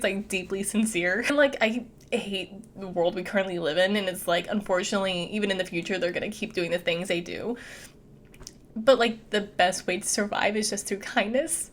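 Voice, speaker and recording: A woman's voice: mid-range voice, normal speed, fairly bright tone. A young adult woman giving a casual, chatty movie recap, peppering her speech with "like". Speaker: movie reviewer.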